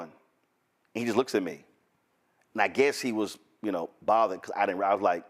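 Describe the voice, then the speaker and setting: A man's voice: fairly low pitch, a little fast. A male talk show host doing a commentary monologue, telling a story with asides to his audience.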